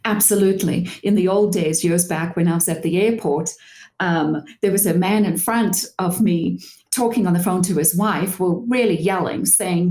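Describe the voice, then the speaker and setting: A woman's voice: lowish voice, normal speed, a little mellow, echoey room. A woman marriage counselor, a guest on an interview show, earnestly telling stories and acting out the people in them. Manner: earnest, acts out quoted people in anecdotes. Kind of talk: interview storytelling.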